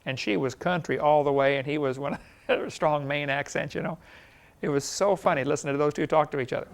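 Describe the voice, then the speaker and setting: Brief: male lecturer, fairly high, gravelly voice, folksy teaching style. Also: fairly quick. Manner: folksy, chuckles at his own stories. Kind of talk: classroom lecture with anecdotes.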